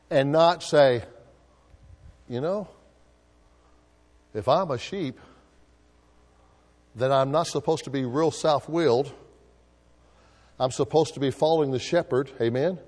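A man's voice: medium pitch, animated, measured pace, long pauses, darkish tone, long reverb tail. A male pastor preaching a sermon, drawing answers from the congregation with call-and-response questions.

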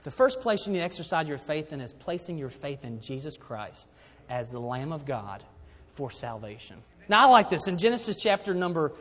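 A man delivers a sermon in a high voice, his words ringing on in a long reverb. He often drops to quiet emphasis, then lifts again as he preaches to the congregation. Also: very animated, normal speed. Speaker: pastor.

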